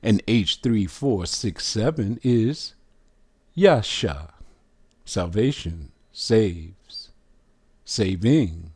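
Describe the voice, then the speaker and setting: A man's voice: fairly low pitch, expressive, very slow, a little mellow, husky, no room sound. A man teaching a lesson, walking the listener through a chart and asking questions as he goes. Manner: asks the listener questions, emphatic.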